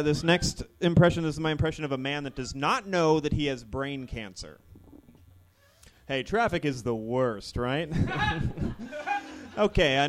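A man doing a live stand-up set of awkward, deadpan one-liners in a ballroom venue. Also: fairly high pitch, a little hiss or hum. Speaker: stand-up comedian.

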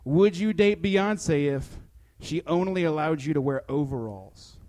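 Brief: young male comedian, high voice, playful and a bit hesitant. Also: lively intonation, measured pace, darkish tone. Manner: playful, hesitant with many fillers. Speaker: stand-up comedian. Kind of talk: comedy bit then casual interview chat.

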